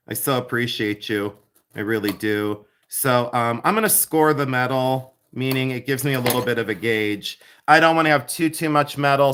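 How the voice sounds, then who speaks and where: Guy silversmith streaming from his studio, chatty and giggly, mid pitch voice. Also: a bit bright. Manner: chatty, playful, laughs often, greets viewers. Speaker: silversmith jewelry maker. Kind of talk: livestream demo with chat. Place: jewelry studio.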